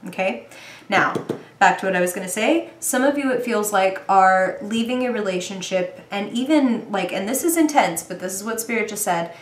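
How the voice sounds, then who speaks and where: A woman's voice: medium pitch, reverberant, a little hiss or hum. A woman reading tarot for viewers in a bubbly, chatty way, thinking aloud as she goes. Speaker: tarot reader. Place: indoor room with bright light.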